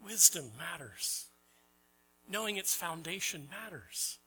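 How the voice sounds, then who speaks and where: A middle-aged man preaching a sermon as pastor, telling stories with voiced characters and asking the congregation questions, swinging between loud emphatic lines and soft quiet ones. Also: fairly high pitch, very animated, takes it slowly, a little hiss or hum, poor audio.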